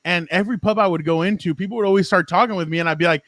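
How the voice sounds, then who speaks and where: A man's voice: sits high, rapid-fire, fairly bright tone, no echo. A man guesting on a sports podcast as a beat writer, talking in an enthusiastic, chatty way with lots of fillers and restarts. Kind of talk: casual chat.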